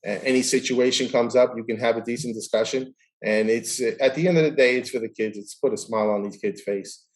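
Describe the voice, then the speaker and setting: A man's voice: mid-range voice, brisk, hardly any pauses. Brief: middle-aged man, mid-range voice, chatty guest who acts out the people in his stories. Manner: animated storyteller acting out quoted dialogue. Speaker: guest, baseball umpire. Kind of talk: casual chat, storytelling.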